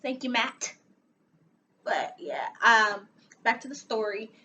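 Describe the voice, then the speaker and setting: High-voiced young woman telling a story. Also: slow pace, a little hiss or hum. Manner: animated, dramatic storytelling with sighs and laughs. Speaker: vlogger. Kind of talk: storytime vlog.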